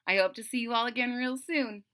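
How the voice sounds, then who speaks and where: A woman reading a children's story aloud in an animated, expressive way, talking to young listeners. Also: a little high, fairly quick.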